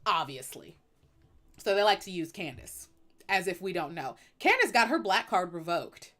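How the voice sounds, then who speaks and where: A woman's voice: fairly low pitch, very animated, normal speed, a bit bright. A woman hosting a live stream, talking bluntly and emphatically in an opinionated, sassy way. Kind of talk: opinionated casual chat.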